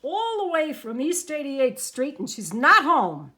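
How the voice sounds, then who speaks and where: A woman's voice: sits high, big pitch swings, measured pace, pushed and bright, pitched above the performer's own voice, exaggerated voice. A theatrical, wheedling showman of a man, put on by a woman reading a storybook aloud. His sing-song voice climbs a little above the reader's own and swings widely as he coaxes and gushes. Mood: cajoling. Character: flamboyant, fast-talking male showman, wheedling.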